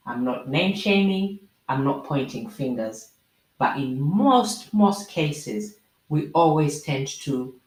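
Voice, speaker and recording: Woman host, unhurried, lively and sermon-like, roomy echo. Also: extremely low pitch. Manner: animated, preachy, with jokey asides. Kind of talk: explaining proverbs to camera.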